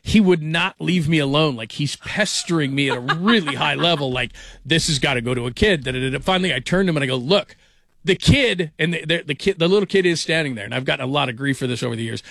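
A middle-aged man hosting a sports talk show, chatting casually and telling animated stories. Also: fairly high pitch, racing, gravelly, few pauses, no echo, studio quality.

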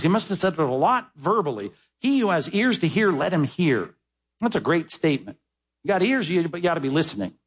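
A pastor preaching with emphatic energy, throwing his voice into the figures of the story he tells. His voice sits a little high and has a husky edge. He drives each point home with force. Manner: emphatic, animated preaching with dramatic retellings. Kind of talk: sermon.

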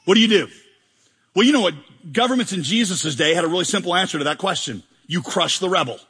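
High bright-voiced man preaching. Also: quick pace, breathy edge. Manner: animated, joking, acts out mock prayers. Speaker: pastor. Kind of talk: sermon. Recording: long hall reverb.

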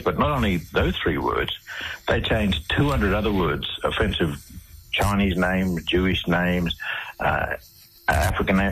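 Deep-voiced Australian man telling his story. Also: fairly bright tone, slight background noise, low-quality recording. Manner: rambling, with many restarts and repeated words. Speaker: interview guest. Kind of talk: casual radio interview storytelling.

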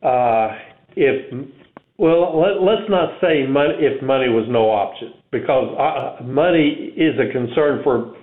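A man's voice: mid-range voice, takes it slowly. Easygoing male host, tinny echoey line. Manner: easygoing questioner, hesitant with fillers. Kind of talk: casual interview talk. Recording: echoey room over a tinny phone-like line.

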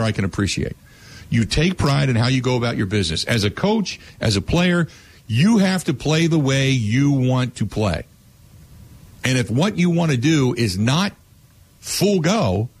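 A man's voice: medium pitch, husky. A man hosting a sports talk show, ranting emphatically and acting out quotes in a raised voice. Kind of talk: animated radio sports talk.

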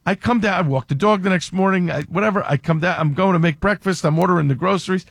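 A man's voice: sits high, fast talker, creaky, dry recording, clean studio sound. A middle-aged man co-hosting a show, chatting casually and acting out both sides of the conversations he retells. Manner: animated storyteller who acts out both sides of quoted dialogue. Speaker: radio show co-host. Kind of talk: casual morning-show banter.

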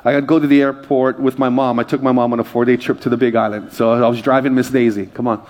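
A male pastor from Hawaii preaches a sermon full of humorous personal stories, joking at his own expense for his congregation. His mid-range voice is level and a little mellow, and he talks at a quick pace.

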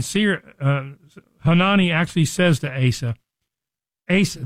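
A man with a slightly high voice teaches scripture on a radio program. He speaks earnestly and conversationally. The sound is dry and close, with no room echo. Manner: earnest, acts out quoted speech with rising emphasis.

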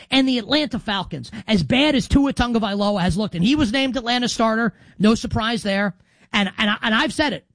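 A man in his thirties hosting a football predictions show, brash and animated, swinging from loud to soft for emphasis. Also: very high voice, no echo. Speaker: sports radio host.

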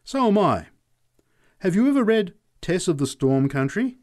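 A man's voice: high voice, very animated, moderate pace, a little mellow, voice pushed up. A man voicing a big, coarse, bossy woman who talks bluntly. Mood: brusque. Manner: blunt, coarse working-class talk.

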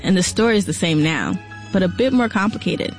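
A woman radio reporter narrating a feature story in a measured, even way. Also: medium pitch, faint music behind. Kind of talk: scripted narration.

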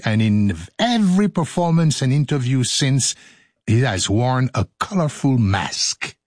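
A man's voice: mid-range voice, no echo. An older man hosting a radio show, clowning through studio outtakes in a playful, joking way. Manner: playful, clowning, breaks into silly singing and laughs.

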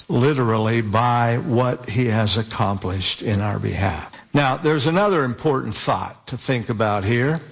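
A man preaching a sermon, slowly and deliberately, stretching out key words for emphasis. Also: mid-range voice, gravelly, husky.

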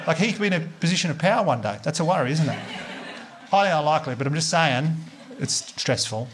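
An Australian man performing a stand-up comedy set, telling stories in a laid-back, sweary, deadpan way. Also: fairly high pitch, quick pace. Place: live comedy venue with audience laughter.

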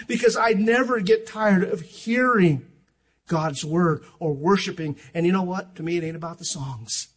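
An older man preaching with passion, his high voice husky and a little rough. He surges to loud declarations and then drops to near-quiet asides. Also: unhurried. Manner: impassioned, rising and dropping sharply in volume, acts out stories. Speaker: pastor. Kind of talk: sermon.

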